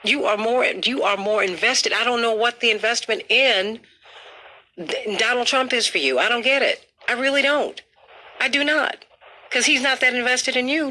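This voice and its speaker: A woman's voice: on the high side, moderate pace, pushed and bright. A woman hosting a call-in talk show, speaking firmly and emphatically. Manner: firm, emphatic, repeats names to cut in.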